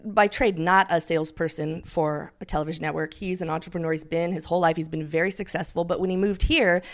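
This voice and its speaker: Middle-aged lady guest on a podcast, a bit low voiced, tells stories with lots of life. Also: fast talker. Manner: animated storyteller, acts out quotes. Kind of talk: casual interview chat.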